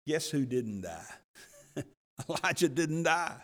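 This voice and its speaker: A man's voice: on the high side, moderate pace, fairly bright tone, big-room sound. A man, preaching a sermon as pastor in a folksy manner, laughing often and stumbling over repeated words.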